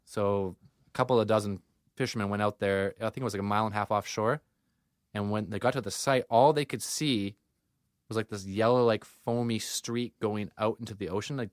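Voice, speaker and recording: A man's voice: fairly low pitch, no echo, clean studio sound. A Canadian man co-hosting a podcast, telling a story in a rambling, swearing, casual way. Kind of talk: casual chat.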